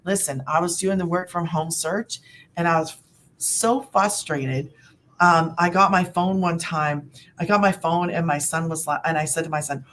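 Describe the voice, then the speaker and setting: A woman's voice: fairly low pitch, steady tone, normal speed, fairly bright tone. A middle-aged woman coaching viewers on side hustles in a rambling, upbeat webinar chat. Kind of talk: casual webinar talk.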